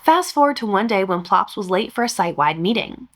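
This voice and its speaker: Brief: woman, podcast host, expressive story reading with dry humor. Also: mid-range voice, fairly quick. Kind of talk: reading a revenge story aloud.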